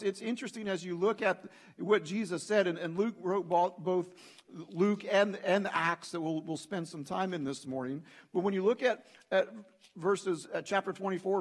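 A man preaching a sermon as pastor, with a voice pitched fairly high for a man. He talks in an emphatic, conversational way and addresses the congregation directly. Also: steady tone, moderate pace. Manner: conversational preaching, emphatic, frequent "hey" and "you know".

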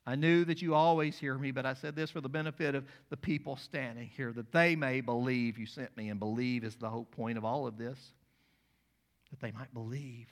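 A man preaching a sermon with a mid-range voice, neither high nor low. His delivery is dramatic, falling to near-whispers and then rising to loud, ringing cries as he reads and retells scripture. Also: steady tone, moderate pace. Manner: dramatic, shifts from hushed to loud. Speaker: pastor.

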